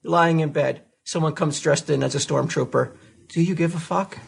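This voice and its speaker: A man co-hosting a podcast who argues his point bluntly and gruffly in casual chat. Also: fairly high pitch, moderate pace. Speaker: podcast co-host.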